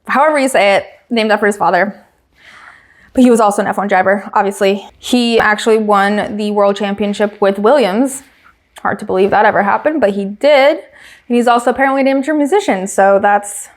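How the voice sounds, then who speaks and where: Woman podcast host, chatty and casual, mid-pitched, laughs easily between quick asides. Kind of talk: casual chat.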